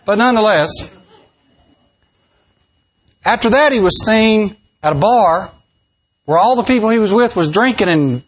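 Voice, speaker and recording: A folksy man preaching from the pulpit, his voice sitting a touch higher than most men's. He leans into humorous stories and playfully switches into the voices of the people in them. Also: lively intonation, a little slow, long pauses. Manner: folksy, joking, acts out quoted voices. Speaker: pastor. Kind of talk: humorous sermon storytelling.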